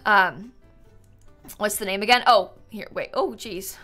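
Bright-voiced bubbly woman streamer. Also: mid-range voice, unhurried, faint music behind. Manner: bubbly, chatty, many "like"s. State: sleepy, yawning. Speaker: streamer touring viewer builds. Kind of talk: casual live-stream chat.

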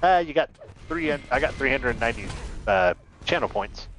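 A man's voice: medium pitch, expressive, moderate pace, a bit bright, rough recording. A man co-casting a live esports stream, chatting in an easygoing way. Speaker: co-caster and channel moderator. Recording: music behind the voice.

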